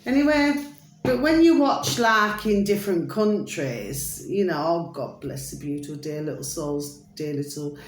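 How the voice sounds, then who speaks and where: This British vlogger's voice sits low, with lively intonation and an unhurried pace, and the room gives it a reverberant sound. She talks casually and at length to camera, leaning on pet phrases and sing-song asides.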